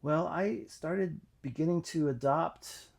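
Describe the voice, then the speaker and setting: A man telling his own faith story in a reflective, halting way, with many pauses and fillers. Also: fairly high pitch, gravelly, breathy edge. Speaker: channel host. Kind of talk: personal testimony monologue.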